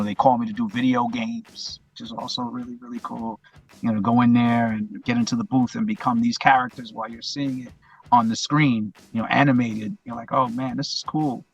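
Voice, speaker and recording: A man's voice: medium pitch, vocal fry, husky, lo-fi sound. A man talking as a podcast guest in a casual, reflective way, often repeating himself and speaking from the heart. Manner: rambling, repeats phrases, heartfelt. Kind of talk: casual reflective interview talk.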